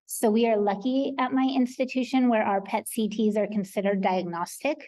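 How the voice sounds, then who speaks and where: A woman's voice: fairly high pitch, steady tone, normal speed, dark tone, low-quality recording. American woman explaining trial imaging rules. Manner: practical, explanatory, with frequent ums. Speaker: research coordinator presenter. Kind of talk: conference presentation. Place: conference hall.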